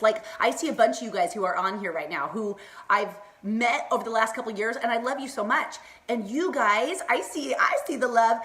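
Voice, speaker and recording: A middle-aged woman hosts a casual Facebook Live chat, bubbly and rambling, laughing often as she speaks to viewers by name. Her voice is a little high and a bit bright.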